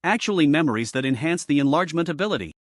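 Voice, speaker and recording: A man's voice: a little high, lively intonation, very fast, no echo, clean studio sound. A man voicing a reincarnated man now living as a little panda, speaking with eager wonder. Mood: curious.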